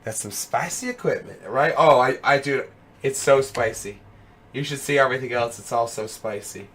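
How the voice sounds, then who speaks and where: A young man with a hoarse, worn voice, streaming and chatting casually with his viewers, rambling with lots of fillers and calling them dude and brother. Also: medium pitch, normal speed, a bit bright, a little hiss or hum. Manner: rambling, fillers of "you know what I mean". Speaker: streamer hosting a web show. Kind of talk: casual live-stream chat. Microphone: headset.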